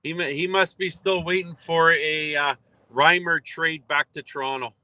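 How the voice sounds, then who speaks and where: A man's voice: on the high side, fairly even intonation, moderate pace, bright, forceful tone, no room sound. A man calling in live as a contributor, giving laid-back, joking replies. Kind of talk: casual live chat.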